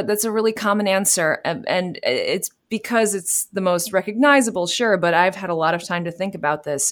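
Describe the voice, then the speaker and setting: A woman in her thirties from New York City, a voice actor answering interview questions in a chatty way, laughing easily. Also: on the low side. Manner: warm, chatty, laughs easily, many fillers. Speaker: voice actor guest.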